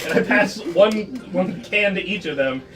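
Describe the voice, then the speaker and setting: Excitable high-voiced man, off mic. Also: moderate pace, recorded from a distance, crowd noise. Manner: excitable, loud bursts, laughs often. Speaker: player. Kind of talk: tabletop game play. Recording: off mic with music playing behind.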